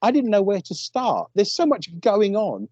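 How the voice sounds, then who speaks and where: A man's voice: high-pitched, moderate pace, dry recording, dull audio. Wry East London Englishman telling stories. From England. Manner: wry storyteller, animated. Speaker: guest, paranormal investigator. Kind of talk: casual interview chat.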